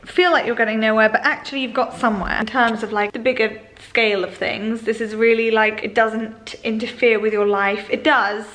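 A woman's voice: a little high, steady tone, brisk, few pauses, a bit bright. A young woman talking openly and chattily to her camera at home, with lots of "like" fillers. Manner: open, confiding, chatty with many "like" fillers. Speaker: vlogger. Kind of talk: candid casual vlog talk to camera.

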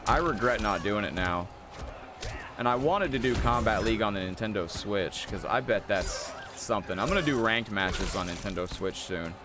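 A man's voice: lowish voice, animated, moderate pace. A man streaming a fighting game live, chatting casually with viewers and telling stories between matches. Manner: laid-back, chatty, thanks viewers and tells stories. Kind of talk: live gameplay commentary.

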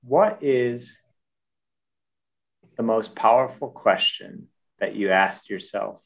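A man hosting a podcast interview, asking questions haltingly and restarting them. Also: fairly low pitch, creaky. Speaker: podcast host.

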